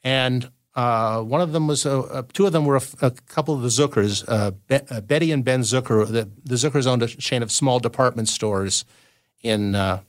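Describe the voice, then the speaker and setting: A man's voice: medium pitch, moderate pace, dry recording, studio quality. A man from Southern California spins long showbiz anecdotes as a podcast guest. He talks in a loose, rambling way, often restarting his sentences mid-thought. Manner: rambling storyteller with frequent restarts. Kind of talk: casual anecdotal chat.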